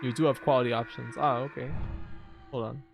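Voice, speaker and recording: A man's voice: mid-range voice, steady tone, a little fast, gravelly, music in the background. A man giving casual gameplay commentary, chatty and amused, musing aloud. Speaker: let's play streamer.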